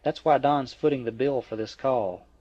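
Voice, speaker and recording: A man reading the lines of a troubled adult woman who speaks warmly to an old friend, in a plain, lightly lifted voice. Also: mid-range voice, normal speed, dry recording, lightly acted. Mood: affectionate. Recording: dry, dull lo-fi.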